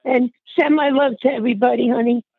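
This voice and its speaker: Talking fast with fairly even intonation, an older aunt in a phone interview has a high, creaky voice with a breathy edge. She's short of breath but affectionate, calling the listener honey, and the tinny line is dry with no room sound.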